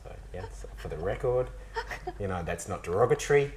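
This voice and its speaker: An Australian actor in a casual interview, telling an animated, self-mocking story with frequent restarts. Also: male voice, lowish voice, brisk, rough recording.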